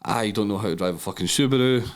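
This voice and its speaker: A man's voice: lowish voice, quick pace. A Scottish man, a podcast guest, telling his story in casual chat, swearing freely and acting out the dialogue as he goes. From Scotland.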